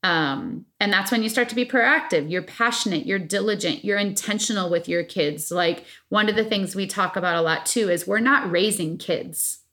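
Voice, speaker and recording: A woman co-hosting a casual podcast chat, talking earnestly and with emphasis, often pausing on fillers. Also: mid-range voice, a bit bright. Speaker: podcast co-host.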